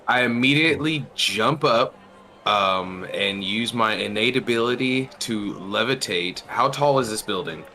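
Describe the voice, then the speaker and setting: A man's voice: lowish voice, unhurried, bright, forceful tone. A man taking part as a player, eagerly describing his moves. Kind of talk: tabletop game play.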